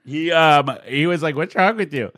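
A male podcast host telling animated stories in casual chat, his voice a little worn. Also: fairly high pitch, normal speed, no echo, clean studio sound. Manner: animated storyteller, puts on quoted voices.

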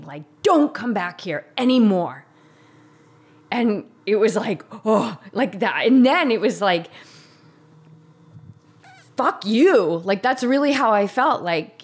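A woman telling a personal story in a candid, conversational way. She is earnest and emotional, with frequent fillers and restarts. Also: medium pitch.

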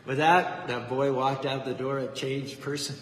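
A man's voice: medium pitch, fairly even intonation, normal speed, fairly bright tone, a little hiss or hum. A man preaching a devotional sermon with fervent, rhythmic repetition and a story. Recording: echoey hall with faint ambience.

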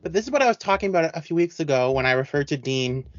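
A man co-hosting a podcast in casual chat, talking in an animated, rambling way with many restarts. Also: fairly high pitch, rapid-fire, no room sound, highs cut off. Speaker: podcast co-host.

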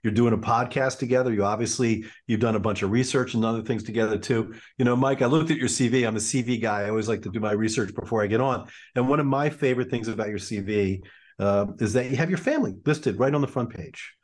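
Upbeat male host, eager interviewer, mid-pitch voice. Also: fast. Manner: enthusiastic, repeats "I love it". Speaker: podcast host, orthopedic surgeon.

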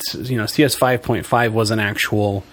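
A man co-hosting a podcast in casual chat, relaxed, filling in and correcting details and sometimes trailing off mid-sentence. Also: on the low side, normal speed. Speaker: podcast co-host.

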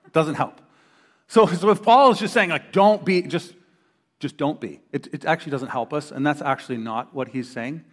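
A middle-aged male pastor preaches in a fairly high voice, acting out little quoted voices as he tells his stories. His words ring out with the long reverb of a big church hall. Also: normal speed. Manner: animated storyteller who acts out quoted voices. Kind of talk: sermon. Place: church hall before a congregation.

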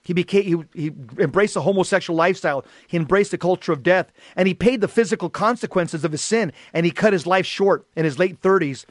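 A man's voice: sits high, brisk, hardly any pauses, dry recording, clean studio sound. A middle-aged man giving an earnest, emphatic personal testimony about faith. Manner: earnest, emphatic, rises to shouting in quoted exchanges. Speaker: Catholic lay speaker.

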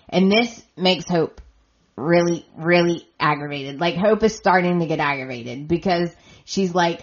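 A woman's voice: lowish voice, lo-fi sound. A woman hosting a podcast, casually recapping a soap opera in a chatty way and retelling scenes with quoted lines. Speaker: podcast host.

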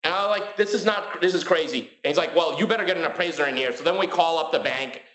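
A man telling his story as a guest in a casual interview. He talks in a rapid, filler-heavy way and acts out the dialogue he quotes. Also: on the high side, fairly bright tone, roomy sound, low-quality recording.

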